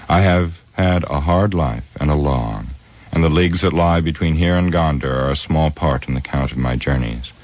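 Aragorn, grave ranger, read by a deep-voiced man. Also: a little mellow. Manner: measured, solemn. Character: weathered grave male ranger, heir of kings. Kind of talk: audiobook character reading.

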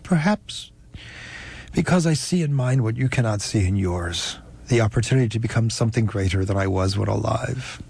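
A man reading an audiobook, voicing a weak, wounded enslaved man who speaks slowly and deliberately. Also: fairly low pitch, animated, gravelly, darkish tone, breathy edge, full character voice. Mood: earnest. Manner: slow, deliberate, halting. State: weak and parched. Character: dying enslaved man, defiant and resolute.

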